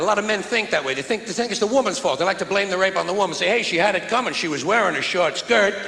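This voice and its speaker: Male stand-up, high and gravelly, swinging pitch, sardonic and profane, live theater recording with hall echo. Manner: profane, sardonic, building to shouted punchlines. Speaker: stand-up comedian. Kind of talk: stand-up comedy routine. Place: theater stage before a live audience. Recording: echoey hall, audience laughter, noisy.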